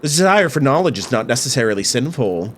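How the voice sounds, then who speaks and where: Stern, pious priest at confession with a lively rise and fall, read by a man. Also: mid-range voice, fast talker, a little hiss or hum. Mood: grave. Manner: grave, admonishing. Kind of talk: reading game dialogue aloud.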